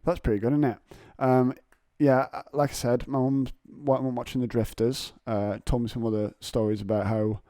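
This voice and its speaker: A young man, hosting a solo podcast in casual chat, telling jokey stories and putting on high voices to mimic people. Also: little pitch movement, moderate pace, few pauses, dark tone, dry recording, clean studio sound. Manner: jokey storytelling, acts out voices of others in high pitch. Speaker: podcast host.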